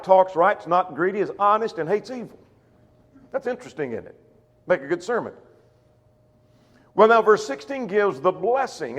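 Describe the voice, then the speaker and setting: A man's voice: sits high, fairly bright tone, in a large hall. A man teaching a church Bible class, explaining scripture in plain words with frequent fillers and restarts.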